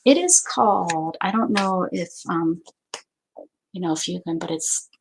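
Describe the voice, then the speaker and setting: A woman's voice: on the low side, lively intonation, measured pace, creaky. A woman hosting a crafting video, chatting casually to viewers and thinking aloud as she sorts paper. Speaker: craft channel host. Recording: noticeable background noise.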